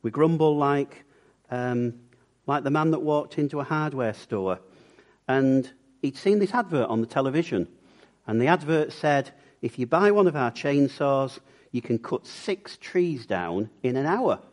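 Guy preaching, bouncy animated voice, does little voices for his stories. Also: mid-range voice, unhurried. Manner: lively storyteller acting out quoted voices. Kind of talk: sermon with storytelling.

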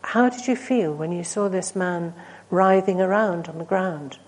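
A woman preaching a sermon, earnest and storytelling, swinging from emphatic peaks to hushed, near-whispered asides. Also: on the low side, measured pace, poor audio. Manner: earnest, rising to emphatic then dropping to hushed.

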